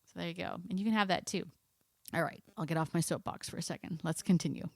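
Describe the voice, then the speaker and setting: A woman hosting a dog-training show, talking with animated, coaxing enthusiasm and acting out little imagined dialogues. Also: fairly low pitch, fast talker, creaky, no echo. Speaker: dog trainer podcast host. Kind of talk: enthusiastic solo talk.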